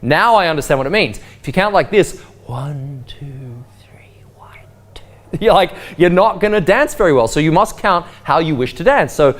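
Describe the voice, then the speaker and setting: Lively sing-song man teaching dance. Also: high-pitched, brisk, hardly any pauses. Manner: counts beats aloud in a sing-song voice. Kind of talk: spoken dance lesson. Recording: faint waltz music behind. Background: waltz music.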